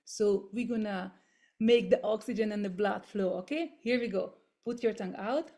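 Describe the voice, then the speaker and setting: A woman leading a voice workshop over a video call, gently coaching step by step through exercises in English that is not her first language. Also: medium pitch, normal speed. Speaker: voice workshop leader. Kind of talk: guided voice and body exercises.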